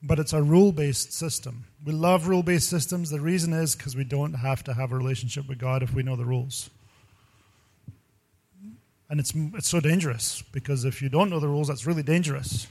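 A male pastor giving a sermon full of personal stories, talking in an animated, rambling way and laughing often. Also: fairly high pitch, fairly quick.

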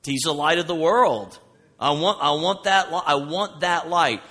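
A man preaching with a bright, forceful voice, loud and animated as he tells his stories. His voice carries through a church hall with a long reverb trailing behind each phrase. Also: a little high, a little slow, slightly rough. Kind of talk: sermon.

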